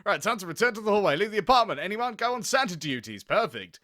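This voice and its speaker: Giggly high-voiced young man gaming. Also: very animated, fast talker, bright, forceful tone, dry recording, clean studio sound. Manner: giggly, rambling, thinking aloud. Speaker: gaming video host. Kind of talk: let's play commentary, reading game text aloud.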